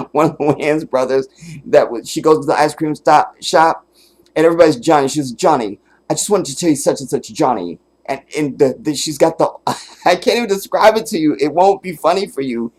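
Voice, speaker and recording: A man hosting a casual solo livestream, telling stories with animated, profane energy, often breaking into laughter and sometimes making emphatic declarations. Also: fairly high pitch. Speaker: livestream host.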